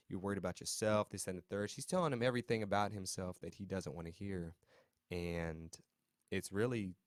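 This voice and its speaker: A TV recap host with a fairly low voice talks through an episode in a loose, chatty style, packed with slang and side remarks to viewers. He chuckles now and then as he reacts, and the sound is dry and close without room echo.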